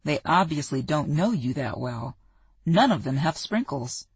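An audiobook narrator voicing a wistful young man who misses his girlfriend, in a breathy tone. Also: mid-range voice, lively intonation, a little slow, dry recording, full character voice. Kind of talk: audiobook character dialogue.

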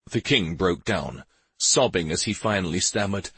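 A man narrating a fantasy story as an audiobook in a slow, expressive way. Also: low-pitched, slightly rough, dry recording.

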